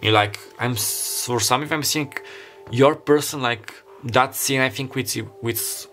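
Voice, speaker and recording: A man's voice: mid-range voice, unhurried, a bit bright, faint music behind. Earnest rambling male tarot reader. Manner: rambling, stops and restarts, heavy use of "like"; earnest and openly emotional. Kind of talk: pick-a-card tarot reading.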